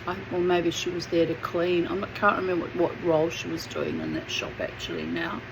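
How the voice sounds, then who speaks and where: A woman's voice: lowish voice, animated, a little fast, noisy background. A woman telling a family memory in a chatty, digressive way with plenty of fillers. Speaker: memoir narrator. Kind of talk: casual storytelling.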